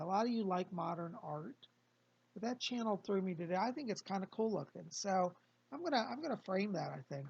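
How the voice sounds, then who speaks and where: A man, a psychic medium, talking casually and calmly to his viewers from his home, explaining and reassuring. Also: sits high, vocal fry, breathy edge, highs cut off. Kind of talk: casual livestream talk.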